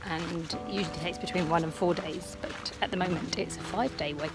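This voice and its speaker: A woman's voice: lowish voice, fairly even intonation, a little fast, over loud music. A woman travel vlogger chatting casually outdoors, thinking aloud with frequent ums. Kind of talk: casual travel vlog commentary.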